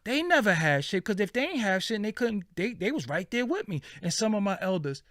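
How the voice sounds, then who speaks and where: Brief: middle-aged male vlogger, heated and emphatic, a bit high-pitched, dry close sound. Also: very animated, fairly quick, fairly bright tone, no echo. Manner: heated, profane and emphatic, repeating phrases for stress. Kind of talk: impassioned rant to viewers.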